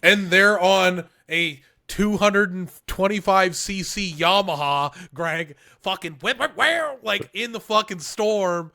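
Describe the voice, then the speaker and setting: A man's voice: high-pitched, slow pace, gravelly, hardly any pauses, sharp tone. A man co-hosting a podcast, ranting with lots of swearing in an exasperated, casual way. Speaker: podcast co-host.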